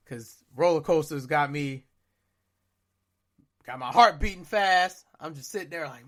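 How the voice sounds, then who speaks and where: A man in his thirties with a high, bright voice tells a story in easygoing podcast chat. He is animated and acts out his own reactions, sometimes breaking into loud shouts. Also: moderate pace. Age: 30s. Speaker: podcast co-host. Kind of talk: casual storytelling.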